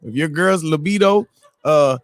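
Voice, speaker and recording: A man's voice: fairly high pitch, unhurried, no room sound, clean studio sound. A man co-hosting a casual morning show, joking in a playful, slangy way. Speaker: co-host. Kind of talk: casual chat.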